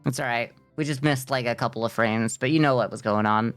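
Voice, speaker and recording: A giggly, self-mocking streamer reads a dating game aloud and chats loosely between lines. The voice sits at a middling pitch, and faint music runs underneath. The talk is full of fillers and quick laughs. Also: a bit bright, no room sound. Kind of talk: live game stream, reading and chatting.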